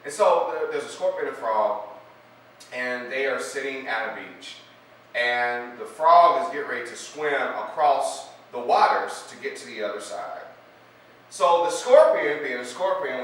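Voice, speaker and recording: A man's voice: a little high, animated, moderate pace, a bit bright. A man speaker telling a parable and drawing a life lesson, conversational, with many fillers. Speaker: motivational speaker. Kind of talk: storytelling lesson. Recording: echoey room, distant mic, faint noise.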